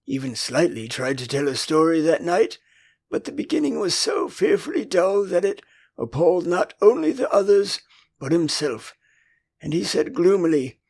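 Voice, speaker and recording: An older English man reading an audiobook in a lively, expressive storytelling style. His voice sits fairly high and swoops freely, with a gravelly, husky grain. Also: moderate pace. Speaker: audiobook narrator. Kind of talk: audiobook narration.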